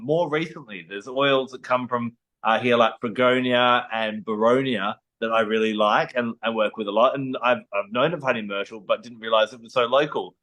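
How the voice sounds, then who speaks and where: A man's voice: mid-range voice, fairly bright tone, rough recording. An Australian man co-hosting an aromatherapy talk, explaining things thoughtfully in a casual educational way. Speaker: aromatherapy co-host.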